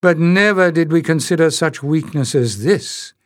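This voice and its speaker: A man's voice: on the high side, normal speed, no echo, studio quality, pitched above the performer's own voice, natural voice. A man voicing a scornful piper elder. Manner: scornful, forceful. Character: stern proud male piper elder. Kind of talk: audiobook character reading.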